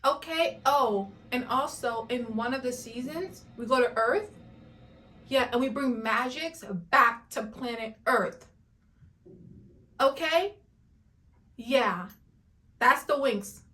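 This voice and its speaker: A woman reviewing a cartoon reboot in an animated rant, dramatic and emphatic, repeating lines for effect. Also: on the high side, slow. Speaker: YouTube reviewer.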